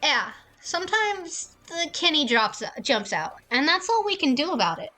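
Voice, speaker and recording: Higher-voiced woman ranting on stream. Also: sing-song, bright, forceful tone. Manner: profane, ranting, acts out others' lines in quick mock voices. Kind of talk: casual stream rant.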